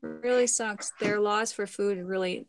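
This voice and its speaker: A middle-aged woman from Canada chatting casually on a craft livestream, meandering and trailing off into soft murmurs. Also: mid-range voice, fairly even intonation, normal speed, clear, resonant tone, soft background music.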